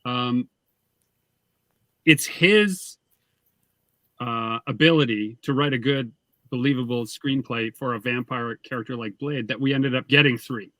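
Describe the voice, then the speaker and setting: A man reviewing a film in a casual chat, dropping wry, deadpan jokes. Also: medium pitch, measured pace, pauses often, no echo.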